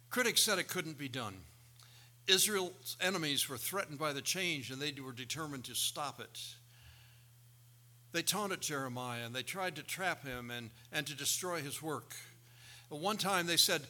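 A man preaching a sermon, telling stories and acting out quoted voices with lively emphasis. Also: fairly high pitch, moderate pace. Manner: animated storytelling with quoted voices. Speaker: pastor.

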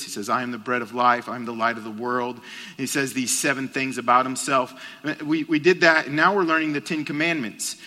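A middle-aged man preaching a sermon, telling a family story and dropping soft and low at its tender moments. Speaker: pastor. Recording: long hall reverb.

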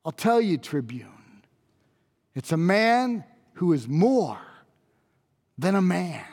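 A man's voice: sits high, very animated, slow, a little mellow, exaggerated voice. A man playing an awestruck Roman centurion. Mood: solemn, awed. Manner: intense, pleading, repeats phrases for emphasis. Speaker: monologue performer. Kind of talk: dramatic first-person monologue. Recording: long reverb of a large hall.

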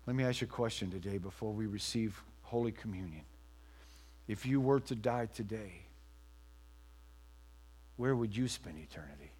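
A man preaching a sermon as pastor in a church, rising to loud emphatic lines and dropping to a hushed near-whisper. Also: fairly low pitch, animated, normal speed, long pauses, slightly rough.

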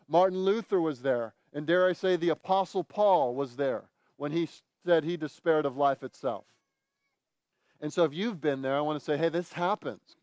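This high-voiced pastor delivers his sermon in an earnest manner, sometimes animatedly voicing what the people listening might be thinking. The recording has no room sound.

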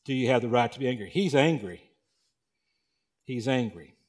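A male pastor delivering a sermon, swinging between loud emphasis and hushed, slow passages. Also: medium pitch, animated.

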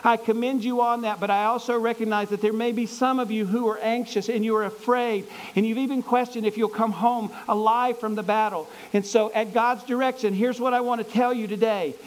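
Man voicing Gideon, an excited army leader. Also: very high voice, fairly quick, few pauses, voice pushed up, rough recording. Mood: commanding. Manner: excited, pleading questions. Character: eager, anxious male army leader Gideon.

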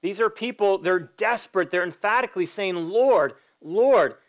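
A man's voice: high voice, fairly quick, a bit bright. A man preaching a sermon as pastor, emphatic and direct, putting pointed questions to his listeners. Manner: acts out quoted voices in a story.

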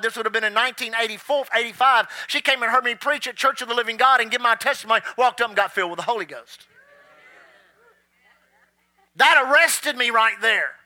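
A man preaching a sermon as a pastor, telling stories and drawing out key words slowly for emphasis. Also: very high voice, pushed and bright, no room sound.

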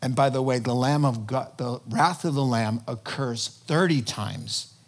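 A man preaching a sermon in an animated, conversational way, breaking into sudden loud emphasis. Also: mid-range voice, measured pace. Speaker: pastor.

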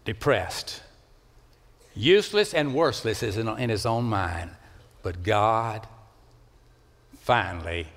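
In a church sanctuary, a male pastor preaches an impassioned sermon, swinging from loud, rising calls down to low, hushed lines. The dynamics vary hugely, and the hall's reverb lingers long.

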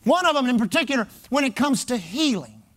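A man with a strikingly high voice preaches a sermon. He pounds his points with repeated phrases in a steady pulpit cadence. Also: fairly quick. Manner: emphatic, repetitive preaching cadence. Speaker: pastor.

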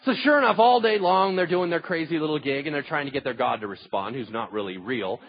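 A man preaching a sermon in church, telling stories in an animated way that swings from loud bursts to hushed asides, with what he calls a huge voice. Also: a little high, a little fast, breathy edge, highs cut off. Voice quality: self-described huge voice. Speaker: pastor.

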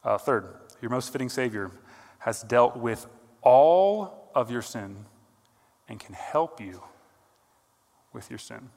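A male pastor preaching a sermon, earnest, rising to emphatic peaks and then dropping quiet. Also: fairly low pitch. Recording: long hall reverb.

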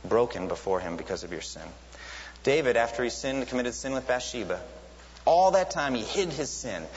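A man preaches a sermon in an earnest, teaching manner, his voice lifting sharply whenever he quotes someone crying out. The sound is lo-fi and a little dull, with a long hall reverb trailing each phrase and a faint hiss underneath. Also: mid-range voice. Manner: earnest teaching tone, rises sharply when quoting cries.

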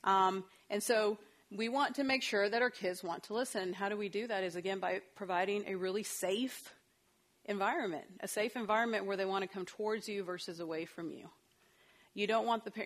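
Her voice is mid-range and fairly quick. Leading a group parenting workshop, this middle-aged woman keeps things conversational and lively, breaking into laughter frequently.

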